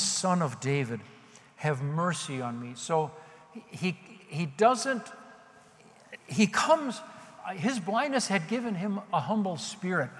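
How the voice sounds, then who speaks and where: A male pastor delivers a sermon in a relaxed, conversational way and pokes fun at himself along the way. His voice sits a little high. Long reverb from a large hall trails behind his words. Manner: conversational, self-deprecating preaching.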